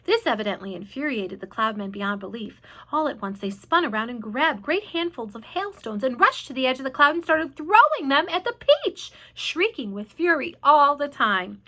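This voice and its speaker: A woman reading a children's book aloud in an expressive, animated way. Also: high-pitched, moderate pace, hardly any pauses. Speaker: storyteller.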